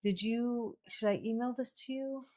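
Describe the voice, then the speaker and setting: A woman's voice: on the high side, moderate pace, darkish tone. A woman hosting a live wellness stream, chatting with callers in a friendly, reassuring way. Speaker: livestream host. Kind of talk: casual live stream chat.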